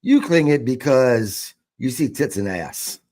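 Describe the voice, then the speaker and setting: A man's voice: mid-range voice, expressive, unhurried, a little mellow. A man co-hosting a casual wrestling podcast, blunt and dismissive, swearing freely. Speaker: podcast co-host.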